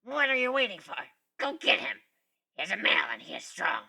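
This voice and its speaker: A man's voice: sits high, wildly swooping pitch, brisk, gravelly, pushed and bright, slightly rough, pitched above the performer's own voice, heavily acted. A man voicing a cowardly, whiny male dog-creature leader in a fan story reading. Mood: urgent.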